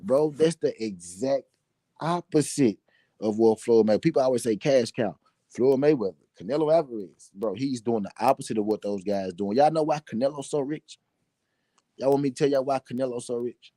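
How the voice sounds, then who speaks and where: A man's voice: medium pitch, fast talker, dark tone, no room sound. A man with a Southern US accent hosting a solo boxing talk show, ranting bluntly and profanely, repeating his points for emphasis. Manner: blunt, repetitive, heated and profane.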